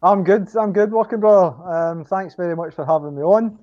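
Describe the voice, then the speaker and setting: A Scottish man chatting casually as a guest, talking in halting bursts with many ums and restarts. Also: high-pitched, no room sound, lo-fi sound. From Scotland. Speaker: podcast guest. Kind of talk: casual chat.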